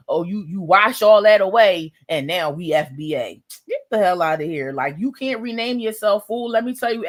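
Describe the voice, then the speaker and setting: A woman speaks bluntly and with emphasis in a casual livestream discussion. Her voice sits at a middle pitch, and she jumps up high whenever she acts out a conversation. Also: fairly bright tone. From United States.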